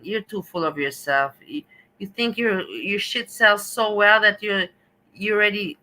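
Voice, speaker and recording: Bright-voiced woman ranting on stream. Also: medium pitch, unhurried, poor audio. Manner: rambling, sarcastic, exasperated. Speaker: stream host. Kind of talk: commentary.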